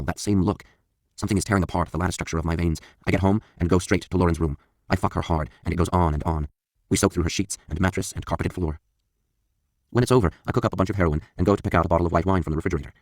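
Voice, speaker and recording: Deep-voiced guy reading a memoir audiobook, quick, blunt and confessional, swears a lot, dry close mic. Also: a little mellow, no echo. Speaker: audiobook narrator.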